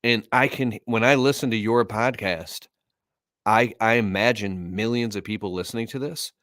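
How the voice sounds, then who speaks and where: A man's voice: fairly low pitch, moderate pace, a bit bright, dry recording, studio quality. A man hosting a podcast interview, casual and enthusiastic, heaping praise on his guest. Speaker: podcast host.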